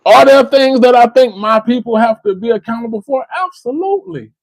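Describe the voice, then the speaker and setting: With a very high, steady-toned voice, this American livestream host speaks briskly through impassioned commentary, driving points home by repetition and calling a listener by name. The recording is rough but has no echo.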